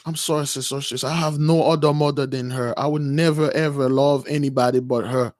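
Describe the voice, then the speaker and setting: A man voicing a grieving, solemn young man who speaks quietly in heavy, old-fashioned phrases. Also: medium pitch, steady tone, fairly quick, no echo, studio quality, pitched below the performer's own voice, close to an everyday voice. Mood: tearful. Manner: quiet, heavy, archaic speech.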